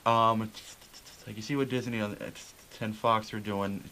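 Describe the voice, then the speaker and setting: A man's voice: fairly low pitch, fairly even intonation, normal speed, bright, forceful tone, a little hiss or hum, low-quality recording. A man co-hosting a movie podcast in casual chat, stammering with many false starts. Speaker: podcast co-host.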